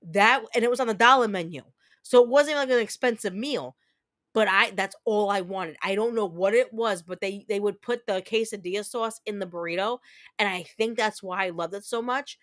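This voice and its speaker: A woman's voice: mid-range voice, normal speed, a bit bright, dry recording. A woman in her thirties from New Jersey, a game streamer telling rambling stories in casual chat, close to her mic. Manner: rambling, chatty storytelling with many restarts. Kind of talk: casual chat while gaming.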